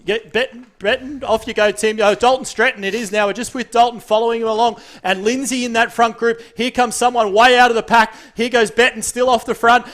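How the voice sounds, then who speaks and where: A man giving quick play-by-play of a virtual cycling race. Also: extremely high pitch. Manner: quick play-by-play, rises in excitement at sprints. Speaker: race commentator. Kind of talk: sports commentary.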